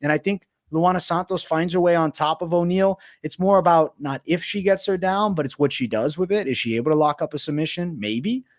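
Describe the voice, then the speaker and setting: A man co-hosting a mixed martial arts show, giving measured, laid-back picks and betting analysis. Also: on the high side. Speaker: co-host of MMA betting show. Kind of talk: casual fight analysis and betting talk.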